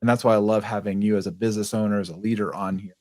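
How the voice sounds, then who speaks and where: A man's voice: fairly low pitch, fairly even intonation, rapid-fire, darkish tone, no room sound. Man, podcast host, casual interview chat, affirming, rambling restarts, dry close sound.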